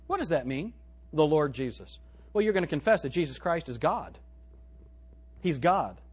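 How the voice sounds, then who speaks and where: Husky animated preacher man. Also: on the high side, normal speed, pauses often. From United States. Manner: animated preaching, swinging from loud to hushed; quotes scripture in old-fashioned wording. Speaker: pastor. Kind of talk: sermon.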